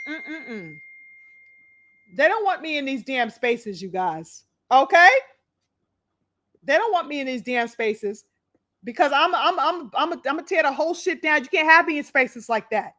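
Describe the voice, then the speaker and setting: A woman with a slightly high voice hosts a casual livestream. She talks straight to her viewers. Her delivery is animated, emphatic and openly profane. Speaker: boxing talk show host.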